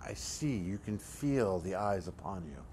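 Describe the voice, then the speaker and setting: A hulking, coldly scheming crook played by a man in a low-budget crime film, lecturing bluntly in a streetwise way and swearing in nearly every line. His voice sits very low and heavy. A faint hiss runs under the recording. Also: lively intonation, measured pace, mellow. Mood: bitter.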